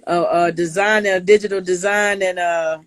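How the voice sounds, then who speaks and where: A woman's voice: on the low side, fairly even intonation, normal speed. Woman guest with brief, easy replies. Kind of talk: casual interview chat.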